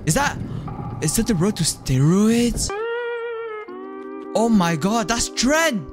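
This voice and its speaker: A man giving jokey, excitable commentary while playing a horror game, often yelping and screaming. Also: sits high, normal speed, music in the background. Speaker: gaming YouTuber.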